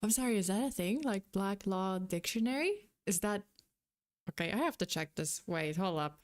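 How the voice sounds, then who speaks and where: A young woman streaming a reaction video, reading and thinking aloud in a giggly, excitable way. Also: medium pitch, moderate pace. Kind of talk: casual reaction commentary.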